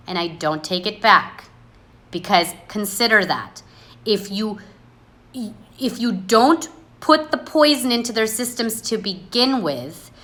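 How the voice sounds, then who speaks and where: A woman speaking on a phone livestream, blunt and sarcastic, standing by what she says. Her voice is bright and forceful, and her pitch sits in a middle range. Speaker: livestream host. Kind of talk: casual livestream monologue.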